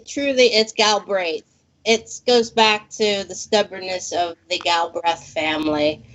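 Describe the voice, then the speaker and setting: Woman, chat show guest, slow, laughing, muffled call audio. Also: mid-range voice. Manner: laughing, storytelling. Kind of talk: casual chat.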